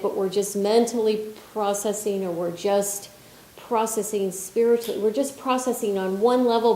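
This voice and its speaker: A woman leading a spiritual healing workshop, talking in an animated, conversational way with frequent restarts. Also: mid-range voice. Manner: animated and expressive, with frequent restarts and filler phrases. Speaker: workshop leader and spiritual healer. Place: conference hall. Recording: roomy conference hall echo.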